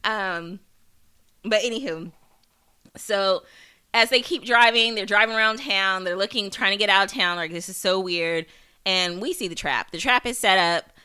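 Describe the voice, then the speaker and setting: A woman hosts a podcast and recaps a TV episode in loose, chatty talk. Her voice is bright and forward at a middling pitch. She rambles, restarts her sentences and swears for emphasis. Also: normal speed, clean tone. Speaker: podcast host.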